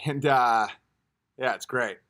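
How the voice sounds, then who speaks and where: Medium-pitched and slow, a thirty-something livestream host jokes and meanders through replies to chat. His casual talk swings now and then to loud, performed outbursts.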